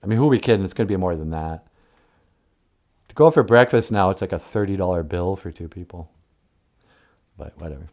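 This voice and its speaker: A man's voice: low voice, a little fast, pauses often, darkish tone. A man hosting a casual, joking language lesson, rambling and laughing at his own jokes. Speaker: host teaching Ojibwe words.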